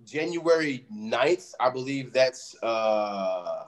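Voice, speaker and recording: A man's voice: medium pitch, lively intonation, takes it slowly. A man from Illinois, a pro wrestler, chatting casually as a podcast guest and laughing often.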